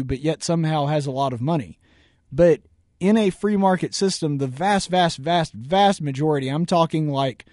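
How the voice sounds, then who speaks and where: Give me a man with a Southern US accent doing argumentative political commentary, dry and slightly high-voiced. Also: a little mellow, no room sound. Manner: argumentative, repeats words for emphasis. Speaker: radio show host. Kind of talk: political commentary reacting to a video.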